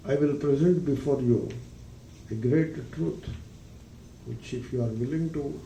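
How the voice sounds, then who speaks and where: Deliberate gravelly male spiritual teacher. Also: mid-range voice, mellow, a little hiss or hum. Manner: deliberate, emphatic, with rhetorical questions. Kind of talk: philosophy discourse. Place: retreat ranch hall. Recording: roomy, distant mic, faint ambience.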